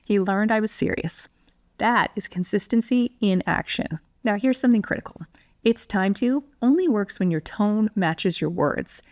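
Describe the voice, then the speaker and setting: Calm, clear woman teaching parents. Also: medium pitch, moderate pace, no room sound. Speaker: parenting educator. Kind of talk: scripted teaching monologue.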